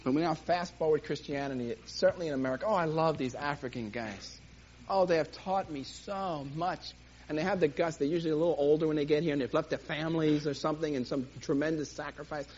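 A man teaching a church class in a lively, jokey way, acting out little scenes, on a dull lo-fi recording with faint hiss. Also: on the high side, fast.

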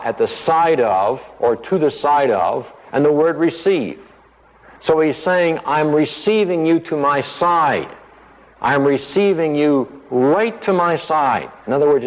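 A man teaching a passage verse by verse. He explains single words and acts out the quoted lines. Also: medium pitch. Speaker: preacher. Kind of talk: expository Bible teaching. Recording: dull sound in a hall with reverb.

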